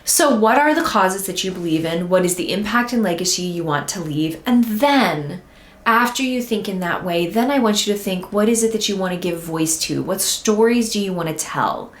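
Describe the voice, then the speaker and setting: A woman's voice: mid-range voice, lively intonation, normal speed. A woman hosting a singing podcast, coaching listeners through exercises in a direct, encouraging way from her desk. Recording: roomy echo.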